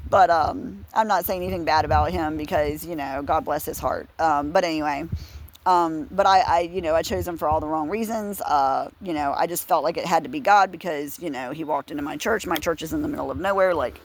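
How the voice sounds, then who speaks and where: A woman's voice: low voice, brisk, slight background noise. A woman giving a casual personal testimony, earnest and confessional, rambling with restarts and bursts of laughter. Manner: rambling, full of fillers and restarts, breaks into laughs. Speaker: Christian speaker sharing her testimony.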